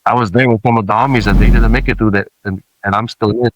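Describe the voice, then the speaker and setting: A low-pitched Samoan man talks quickly as a podcast guest, earnest and reflective, often circling back to restart his thoughts in a candid conversation. His intonation is fairly even, and the poor audio sounds close and dry, with no echo or room around it.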